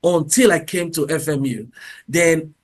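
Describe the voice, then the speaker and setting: A man giving a motivational talk at a university career event, animated, often pausing on fillers and restarting words. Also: on the high side. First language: English. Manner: animated, acts out little dialogues in different voices; frequent fillers and self-corrections.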